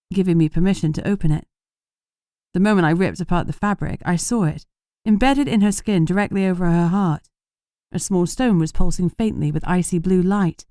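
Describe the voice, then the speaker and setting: Female audiobook narrator, steady and measured, with a dark, mellow tone and a dry, close sound. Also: fairly low pitch, no echo. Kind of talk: scripted first-person narration.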